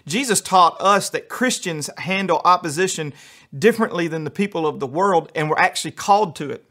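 A man's voice: on the high side, animated, bright, forceful tone. A man preaching a sermon as pastor, telling funny stories with acted-out quotes. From United States. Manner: humorous, quick storytelling with acted-out quotes.

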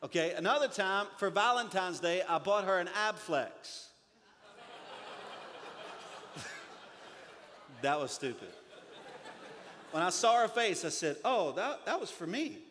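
Pastor, male, forties, lively joking sermon delivery, bright high voice in a reverberant church hall. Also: normal speed, slight background noise. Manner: animated storytelling with humor.

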